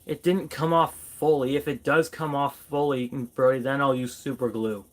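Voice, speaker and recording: A man's voice: medium pitch, fairly even intonation, moderate pace. Playful man chatting through a toy review. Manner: playful, chats to his toys as if they were people. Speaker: toy collector reviewing his figures. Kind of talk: casual toy review vlog.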